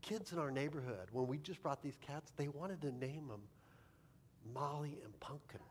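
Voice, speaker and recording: Self-mocking pastor telling a funny story. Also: male voice, fairly high pitch, normal speed, slight background noise. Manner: humorous, self-deprecating storyteller. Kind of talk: sermon storytelling.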